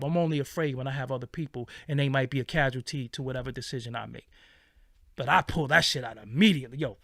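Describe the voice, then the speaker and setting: A channel host with a mid-range voice spins a casual, profane story, animatedly performing what people said. The sound is dry and studio quality.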